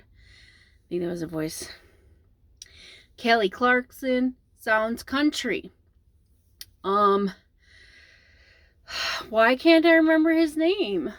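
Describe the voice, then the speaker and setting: Slow, rambling Midwestern woman. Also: mid-range voice, no room sound. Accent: Midwestern American. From American Midwest. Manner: rambling, meandering, many ums and trailing pauses. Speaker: vlogger. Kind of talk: casual rambling vlog.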